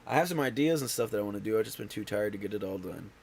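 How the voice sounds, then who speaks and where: A man's voice: fairly low pitch, expressive, very fast, husky. Tired, stuffy man rambling on stream. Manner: tired, rambling with many fillers and restarts. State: stuffy and out of breath. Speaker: livestream host. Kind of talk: casual livestream chat.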